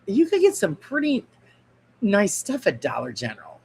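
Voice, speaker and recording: A woman's voice: mid-range voice, huge pitch swings, moderate pace, creaky, darkish tone, slightly rough, low-quality recording. A woman hosting a casual miniature-crafting stream, chatting in a rambling way and answering viewer comments as she builds. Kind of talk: casual craft livestream chat.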